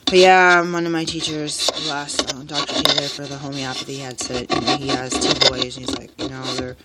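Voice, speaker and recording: A woman's voice: rumbling low, level tone, brisk, heavy background noise. A tired single mother rambling through a personal vlog, full of fillers and restarts, sounding exhausted. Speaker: single parent vlogger.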